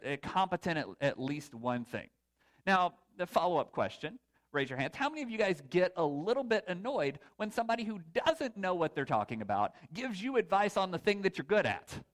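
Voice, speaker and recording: Animated man preaching a lively sermon. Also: a little high. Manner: conversational, animated, asks audience to raise hands. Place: church or hall before a live congregation.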